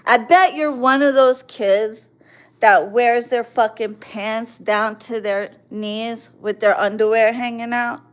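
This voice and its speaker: Woman in her forties, ranting, profane, mocking, higher voice, slow delivery. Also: steady tone, clear, resonant tone. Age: 40s. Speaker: livestream host. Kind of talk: angry ranting at commenters.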